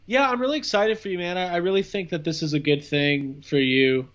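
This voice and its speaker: A man's voice: high-pitched, fairly quick, a bit bright, lo-fi sound. A man chatting as a podcast guest, rambling and playful with lots of fillers. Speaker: podcast guest, cousin of host. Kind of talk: casual comedic chat.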